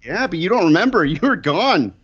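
Casting: man, lively pitch swings, crude anecdotes, dry dull recording. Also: a little fast, slightly rough, dry recording. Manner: animated, profane, laughing. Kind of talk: casual chat.

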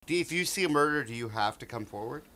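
A man's voice: medium pitch, animated, fast, sharp tone. A man co-hosting a podcast in a joking, teasing, giggly way. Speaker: podcast co-host. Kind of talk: casual chat.

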